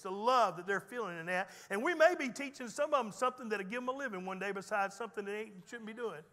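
Preacher man, real high bright voice, folksy and jokey, echoey hall. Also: quick pace, hardly any pauses. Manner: folksy storytelling preacher with teasing humor. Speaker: pastor. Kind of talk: sermon. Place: church sanctuary.

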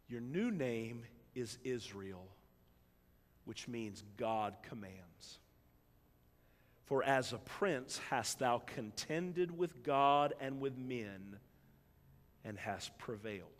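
Pastor preaching in a reverberant church. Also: male voice, lively intonation, slow. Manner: preaching with big swings between loud emphatic build-ups and hushed low passages. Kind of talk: sermon. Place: church sanctuary. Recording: long church hall reverb.

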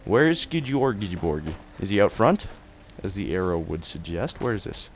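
A young man commentating his gameplay in a goofy, excitable way, swearing freely and chatting to viewers. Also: deep voice, moderate pace. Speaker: let's play host.

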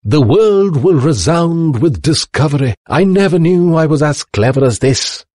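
A man voicing an excitable, absent-minded old male inventor who talks in high, excited exclamations. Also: measured pace, dry recording, clean studio sound.

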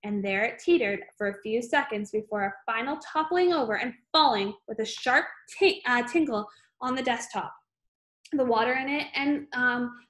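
A woman reads a children's chapter book aloud in a slightly higher voice. The reading is homemade and unpolished, with small stumbles and the odd filler between phrases. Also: fairly bright tone. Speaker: reader.

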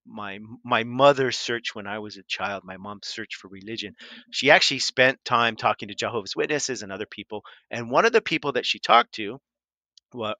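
A man's voice: lowish voice, sharp tone, no room sound. A man hosting a commentary video, rambling in a casual, sarcastic way. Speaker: video host.

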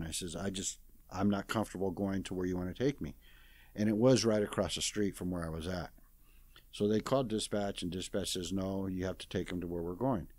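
With a low, slightly mellow voice and no echo, this sixty-something man is a guest in an interview. He tells a story casually in plain, folksy speech full of "I says," performing everyone else's lines as quoted dialogue.

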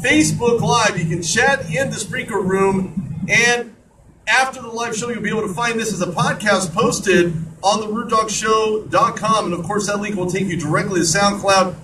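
A man's voice: high-pitched, normal speed. A man hosting an online radio show, talking in a chatty monologue with joking asides. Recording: distant mic with clear background noise.

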